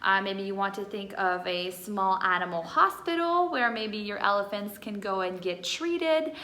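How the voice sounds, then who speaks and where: A woman's voice: mid-range voice, big pitch swings, normal speed, sharp tone. A woman teacher, patiently explaining a math lesson for young children, with many fillers. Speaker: first grade teacher. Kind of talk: recorded classroom lesson for children. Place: home room with whiteboard. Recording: echoey room.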